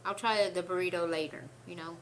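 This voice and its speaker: A woman's voice: on the low side, fairly even intonation, brisk, slight background noise. A young woman, rambling through a story between bites on her eating show. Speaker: mukbang host. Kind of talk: casual eating-show chat.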